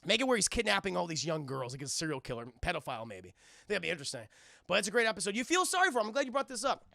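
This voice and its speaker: Gravelly, excitable male streamer. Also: high voice, rapid-fire, no room sound, studio quality. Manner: excitable, profane, addresses the chat. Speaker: streamer and show reviewer. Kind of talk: casual live-stream commentary.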